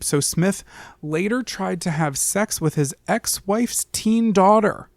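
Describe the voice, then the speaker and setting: A man's voice: high-pitched, takes it slowly, no room sound. Joking, profane podcast co-host man. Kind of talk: casual true-crime podcast chat.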